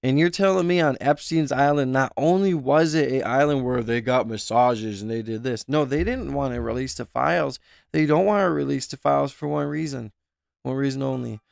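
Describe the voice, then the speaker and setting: A man's voice: mid-range voice, normal speed, vocal fry, no echo, clean studio sound. A man streaming live, reacting with emotional exclamations and speculation as he reads a document aloud and comments on it.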